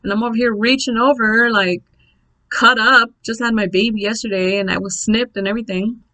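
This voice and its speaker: A young woman telling a birth story in a casual, blunt, animated vlog, swearing freely. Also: a little high, brisk, rough recording.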